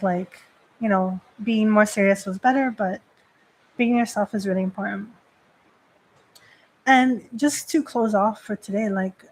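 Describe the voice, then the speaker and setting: A woman priestess hosting a casual live stream. She talks in a chatty, rambling way, filling her sentences with "like." Her voice sits at an ordinary middle pitch. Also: a little hiss or hum, low-quality recording. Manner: chatty, heavy use of "like" fillers. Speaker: Shinto priestess and host.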